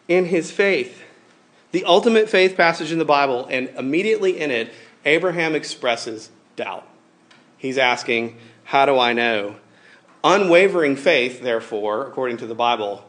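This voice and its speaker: A man in his thirties preaching a sermon in a conversational, animated way, often acting out quoted voices. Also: mid-range voice. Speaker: pastor.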